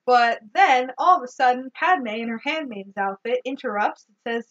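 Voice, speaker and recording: A woman co-hosting a casual movie recap, sarcastic and animated, swearing freely. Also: sits high, normal speed, dull audio. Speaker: podcast co-host.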